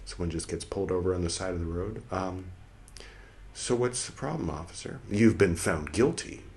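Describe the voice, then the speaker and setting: A man's voice: gravelly, a little hiss or hum. A man hosting a podcast, reading an old religious text aloud and stopping to comment in a casual, musing way. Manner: reads quotes slowly and loudly, comments in a lower conversational voice; muttering asides to himself. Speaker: podcast host reading scripture.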